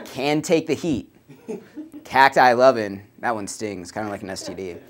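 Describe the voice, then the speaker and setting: Young man doing a deadpan late-night monologue. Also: on the low side, normal speed. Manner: deadpan joke delivery with little laughs. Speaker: host.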